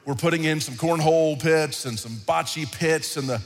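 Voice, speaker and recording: A man preaching a sermon in a conversational, animated style, often repeating himself. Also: a little high, moderate pace. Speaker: pastor. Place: large hall, church service. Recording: reverberant hall with faint music.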